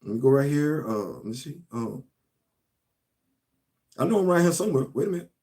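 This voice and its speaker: Male host, casual live-stream toy chat, slightly high voice, relaxed and repetitive delivery. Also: fairly quick. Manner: laid-back, talks straight to viewers, repeats phrases, trails off. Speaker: toy collector vlogger hosting a live stream.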